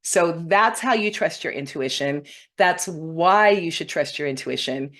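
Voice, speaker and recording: A woman's voice: sits low, lively intonation, a little slow. Earnest woman giving a spiritual talk. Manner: earnest, warm-hearted, often tearful when moved. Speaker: spiritual teacher hosting a weekly broadcast. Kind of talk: heartfelt spiritual talk to viewers.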